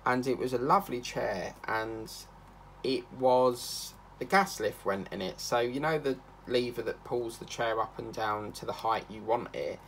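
A chatty man rambles through stories while he works on a craft project. His mid-pitched voice has a gravelly fry to it. A faint hum sits behind him. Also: measured pace, fairly bright tone. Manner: rambling, chatty, breaks into snatches of song. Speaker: craft channel host. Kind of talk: casual chat while crafting.

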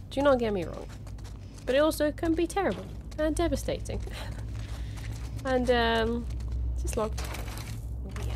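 A woman's voice: medium pitch, darkish tone, slight background noise. A young woman chatting her way through a video game, exclaiming often and giggling between remarks. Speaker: gaming YouTuber. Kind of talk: casual let's-play commentary.

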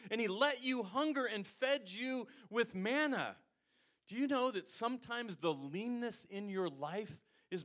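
A man preaching a sermon as pastor, with an American accent, swinging between loud emphatic lines and quiet low asides.

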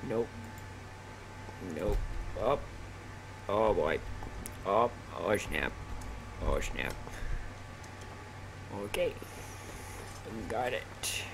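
A man commentating on his own gameplay, excitable and often blurting out exclamations. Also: fairly low pitch, very slow, pauses often, background noise. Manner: excitable, keeps exclaiming "oh snap". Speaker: gaming channel host. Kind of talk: let's play commentary.

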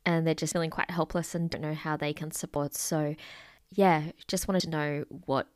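A woman gently reads out a listener question and shares her own experience. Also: deep voice, steady tone, moderate pace, clear, resonant tone, dry recording, clean studio sound. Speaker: co-host reading listener questions. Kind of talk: casual chat.

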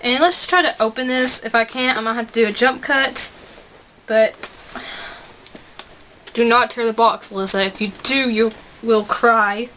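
At home, an excitable young woman chats her way through an unboxing vlog, gushing at a moderate pace and pausing often. Her voice is high, and a faint hiss lingers in the background.

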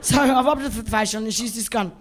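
A middle-aged Australian woman doing stand-up, telling a story in a brash, profane, animated way. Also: on the high side, fast talker, a little hiss or hum. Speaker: stand-up comedian.

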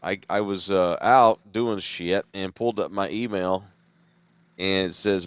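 A man's voice: low voice, steady tone, measured pace, clear, resonant tone, dry recording. A man with a Texan accent, co-hosting a late-night chat show, tired, rambling and laid-back with loose profanity. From Central Texas. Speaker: podcast co-host.

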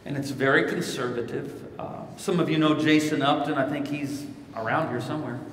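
A male pastor and keynote speaker from Missouri, United States, preaches while answering a live Q&A question in a large conference hall. His mid-range voice moves a little fast as he tells stories and quotes scripture in lively voices. The recording is echoey, picked up from a distance, with slight background noise.

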